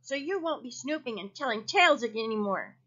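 A cross storybook alligator, a she-gator who scolds in a sharp, firm voice, as a woman reads her out. She is loud and stern. The sound is muffled and lo-fi. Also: a little high, animated, fast talker. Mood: scolding. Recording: dull lo-fi recording.

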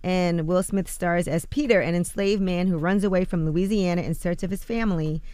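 A woman's voice: lowish voice, fairly even intonation, moderate pace, mellow, smooth, no echo. A woman co-hosting a morning radio show, reading celebrity news and quotes in a chatty way with loose fillers. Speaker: radio co-host reading the rumor report. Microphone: studio microphone.

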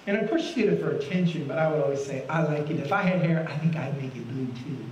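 Folksy high-voiced preacher in a roomy church. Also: male voice, fast talker, darkish tone, highs cut off, a little hiss or hum. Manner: folksy, asks the congregation many questions. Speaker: guest pastor. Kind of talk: sermon. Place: church sanctuary. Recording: roomy, from a distance.

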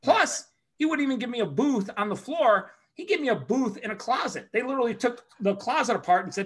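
A man telling a personal story in a casual talk, animated and profane, acting out the other people in it and laughing along the way. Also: very high-pitched, a little fast, husky. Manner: excitable, swears often, acts out other people's lines with shouting and laughter. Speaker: podcast host telling a story.

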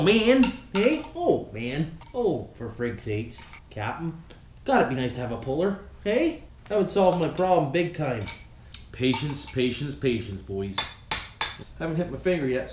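A folksy man chats and curses his way through a workshop job, his voice rising and falling in a lively, sing-song way. He sounds like he is in a bare, echoey room. Metal tools clatter loudly around him. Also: fairly high pitch, a little hiss or hum. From Canada. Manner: folksy, swears a lot, keeps calling viewers "boys". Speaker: vlog host rebuilding an engine. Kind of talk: casual workshop vlog. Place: home workshop, working with tools.

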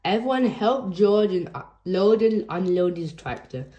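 A woman reading a children's picture book aloud in a gentle storytelling manner. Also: medium pitch, animated, unhurried, highs cut off. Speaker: storybook reader.

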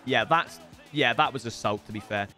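A young man giving excitable commentary on his own football video game matches, with shouting outbursts and joking banter. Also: medium pitch, normal speed, faint music behind. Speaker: gaming YouTuber.

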